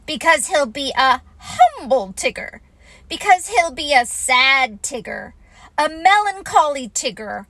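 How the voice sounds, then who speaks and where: A woman plays a fussy storybook rabbit, bossy and self-important, laying out his plans with firm emphasis. The voice rides high and bright and swings about lively. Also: a little slow, no room sound, exaggerated voice. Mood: scheming. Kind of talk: storybook reading.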